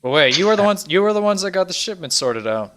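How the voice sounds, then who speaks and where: A man voicing a seasoned male lizard-man bounty hunter in a tabletop game, dry and skeptical, his voice dropping low. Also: sing-song, fast, fairly bright tone. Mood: blunt. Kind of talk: tabletop role-play in character.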